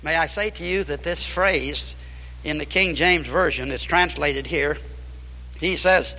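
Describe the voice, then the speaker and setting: A man's voice: sits high, moderate pace, bright, forceful tone, long reverb tail, rough recording. A man preaching a fiery sermon, emphatic and repeating key phrases.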